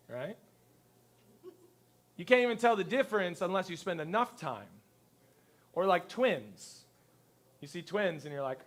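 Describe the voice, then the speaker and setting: A male pastor giving a conversational sermon to his congregation, telling lively stories and acting out the people he quotes. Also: high voice, moderate pace. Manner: lively storyteller who acts out quotes. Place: church service before a congregation.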